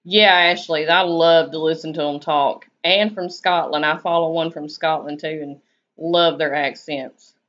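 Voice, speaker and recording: A woman's voice: sits low, fairly even intonation, a little slow, a bit bright. A woman with a Southern US accent, chatting casually on her live stream and answering viewers' comments in a laid-back, drawling way. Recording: dull lo-fi stream audio.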